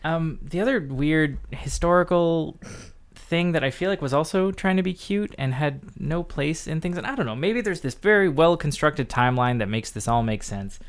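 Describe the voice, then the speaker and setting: A man's voice: a little high, normal speed. Sarcastic male podcast host. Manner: sarcastic, animated storytelling. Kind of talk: casual chat.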